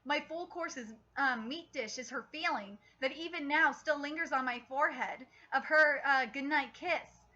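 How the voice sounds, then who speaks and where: A woman reading aloud as a bitter male chef villain, halting with fillers. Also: high voice, sharp tone, lo-fi sound. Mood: brooding.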